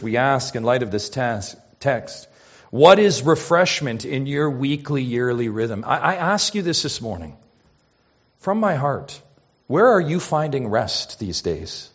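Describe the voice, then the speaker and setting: A pastor preaching a sermon to his church, with emphatic rises and soft drops. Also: on the high side, dull audio.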